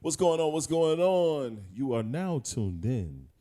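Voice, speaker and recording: A man's voice: a little high, very animated, takes it slowly, warm tone. A young man co-hosting a podcast in casual chat, joking and laughing often. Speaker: podcast co-host.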